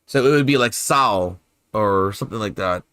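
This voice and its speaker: A man with a lowish, slightly bright, smooth voice talks at a quick pace, with no room sound. He's streaming a game and chatting casually with viewers, puzzling aloud over how to pronounce things. Curious and playful, he hesitates and repeats his words as he goes.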